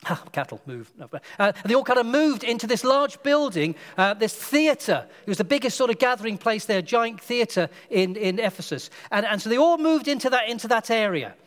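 A man preaching a sermon, telling stories and acting out the quotes with lively energy. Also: sits high, normal speed, hardly any pauses, big-room sound. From Britain. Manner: animated storytelling, acts out quotes.

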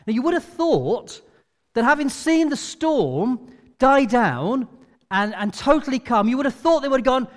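A man preaching a sermon in an animated, expressive storytelling manner. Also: extremely high pitch, measured pace. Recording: long reverb of a large hall.

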